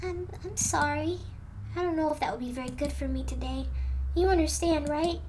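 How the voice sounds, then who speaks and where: A woman voicing a tearful, fragile teenage girl in a game, speaking softly and shakily. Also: high voice, normal speed, a little hiss or hum, close to an everyday voice. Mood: gentle. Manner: soft, shaky and pleading.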